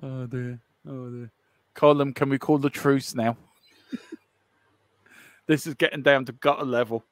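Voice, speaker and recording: A man's voice: medium pitch, steady tone, slow, long pauses, no room sound. Teasing Irishman from Cork, dry close sound. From Ireland. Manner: teasing, laughing, rambling with many fillers. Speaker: co-host of a football watchalong stream. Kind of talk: casual live-stream banter.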